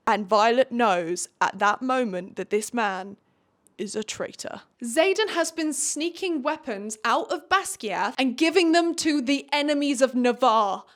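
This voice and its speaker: A woman's voice: on the high side, lively intonation, a little slow, a bit bright. A woman giving a casual, sarcastic book recap, with chatty, dramatic asides. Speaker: book reviewer.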